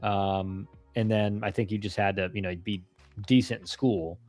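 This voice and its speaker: A man's voice: fairly low pitch, steady tone, moderate pace, a little mellow, soft background music. Laid-back man hosting a live stream. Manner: laid-back, rambling, frequent restarts and slang. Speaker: live-stream host, former college ballplayer. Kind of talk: casual live-stream chat answering viewer questions.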